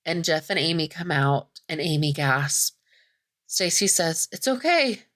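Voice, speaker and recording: A woman's voice: sits low, fairly even intonation, a little slow, a bit bright. A woman podcast host casually recapping a movie plot, chatty, full of "like" fillers and casual swearing.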